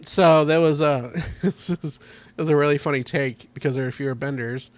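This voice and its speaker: A man's voice: fairly high pitch, steady tone, moderate pace, no echo. A man hosting a casual podcast, talking with enthusiasm, rambling and laughing often. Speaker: podcast host. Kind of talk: casual chat.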